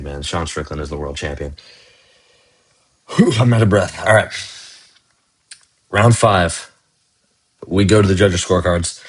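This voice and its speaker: A man doing a casual, excitable fight breakdown for his channel, full of slang and fillers like "man" and "bro.". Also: low-pitched. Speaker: fight commentary YouTuber.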